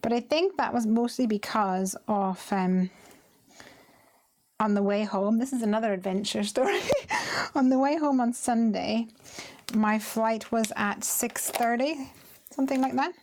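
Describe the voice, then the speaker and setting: Her voice sits a little high and a little mellow, and she keeps a measured pace. Hosting a craft live stream, she chats and tells stories while making cards, laughing frequently.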